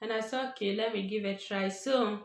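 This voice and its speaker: A woman's voice: medium pitch, fairly quick. A Ghanaian woman vlogger telling a personal story casually, acting out what others said. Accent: Ghanaian English. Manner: animated, acts out other people's voices. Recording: echoey room.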